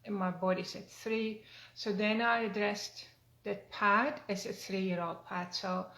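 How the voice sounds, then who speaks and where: An older woman giving a gentle, earnest self-help talk as a wellness coach, with frequent fillers and restarts. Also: medium pitch, steady tone, unhurried. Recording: roomy echo.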